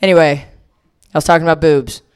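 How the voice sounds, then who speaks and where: A woman's voice: low voice, steady tone, fast, clean tone. A young woman from Delaware doing a stand-up comedy set, rambling through crude, self-deprecating stories with plenty of swearing. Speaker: stand-up comic.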